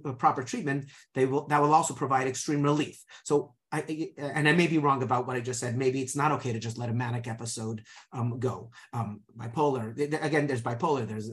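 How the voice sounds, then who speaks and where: Halting male podcast host. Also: mid-range voice, a bit bright. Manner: halting, many restarts, thinking aloud. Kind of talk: podcast interview.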